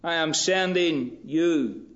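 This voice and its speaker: Slow, measured male preacher, lo-fi. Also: a little high, a bit bright. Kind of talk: sermon. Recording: dull lo-fi recording.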